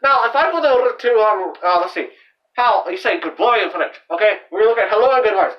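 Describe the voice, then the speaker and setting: A young man with a high, light voice talks through a casual language explainer, rambling and circling back with lots of fillers. He sounds set back from the mic, and the recording is dull and lo-fi, like a homemade video. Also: lively intonation, brisk. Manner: rambling, filler-heavy, loose and unscripted. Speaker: channel host. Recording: dull, distant lo-fi home recording.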